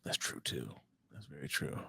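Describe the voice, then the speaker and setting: A man's voice: moderate pace, dry recording. A man co-hosting a casual chat show, talking in a playful, loose and joking way. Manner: playful, loose and joking with lively swings in pitch. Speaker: podcast co-host.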